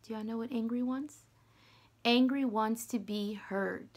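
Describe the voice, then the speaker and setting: A young woman teacher reading a picture book aloud to children, gentle and dropping to whispers, asking them questions. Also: a little high, unhurried.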